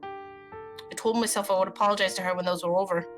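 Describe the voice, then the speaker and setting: A woman streamer reading a story game aloud with expressive commentary and swearing. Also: medium pitch, over music, poor audio. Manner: expressive, swearing, quick reactions.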